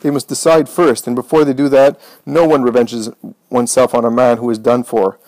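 A man voicing a fiery, devout woman who speaks with forceful, commanding conviction. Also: mid-range voice, level tone, fairly quick, no echo, lightly acted, rough recording. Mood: firm.

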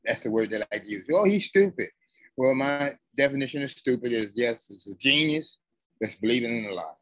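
A man speaks haltingly on a video call, often losing his words, with an aggrieved edge. His pitch sits in the middle range, and the sound is dry and close. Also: sharp tone, no echo, rough recording. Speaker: conference attendee. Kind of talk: emotional personal testimony.

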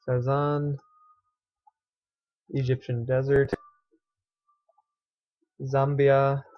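A man's voice: medium pitch, dry recording, dull audio. Sarcastic young man muttering over a game. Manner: sarcastic, swears, mutters to himself. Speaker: gaming let's player. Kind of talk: casual gameplay commentary.

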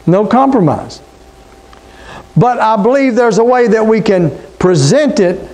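A man's voice: sits high, animated, measured pace, darkish tone. A middle-aged man preaching a sermon as pastor, talking conversationally and calling out to the congregation.

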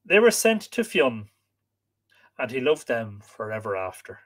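Man, storyteller, live stream reading, lively pitch, chatty asides. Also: measured pace. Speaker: host and storyteller.

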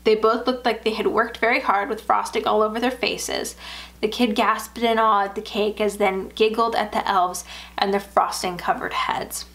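Woman, storyteller, calm measured reading, middle pitch, close mic. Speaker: narrator. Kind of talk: reading a first-person horror story.

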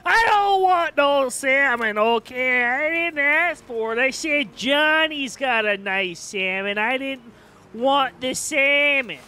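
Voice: sits high, animated, sharp tone, voice pushed up, heavily acted. A streamer putting on a folksy Saskatchewan prairie drawl. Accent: Saskatchewan Canadian (put on). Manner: folksy, drawn-out, says "bud" and "eh". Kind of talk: joking accent bit during a fishing game stream.

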